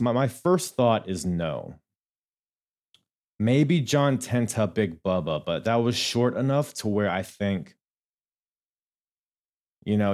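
A young adult man hosting a solo podcast, talking casually and thinking out loud with frequent fillers and restarts. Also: deep voice. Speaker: podcast host.

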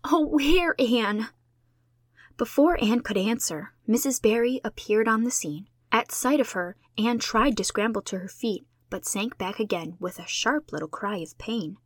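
A woman reading a classic novel aloud in a measured, expressive storybook narration. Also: medium pitch, no room sound. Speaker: audiobook reader.

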